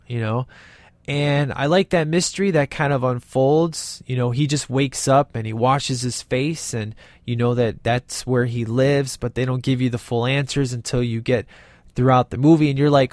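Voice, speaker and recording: A man's voice: mid-range voice, fairly even intonation, moderate pace, no room sound. A man casually reviewing a movie with enthusiasm, retelling scenes and acting out the characters' lines as he goes.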